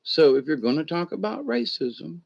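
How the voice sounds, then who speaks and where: A man's voice: a little high, sing-song, normal speed, gravelly, a little mellow, dry recording, highs cut off. A man talking in a casual, rambling monologue, often restarting sentences and acting out imagined conversations. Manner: rambling, acts out imagined back-and-forth conversations; many restarts and repeated words. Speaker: commentator.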